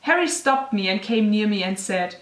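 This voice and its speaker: A woman's voice: mid-range voice, expressive, moderate pace, fairly bright tone. A young woman reading her old fanfiction aloud with gushing, self-mocking commentary. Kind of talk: dramatic reading with casual commentary. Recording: echoey room.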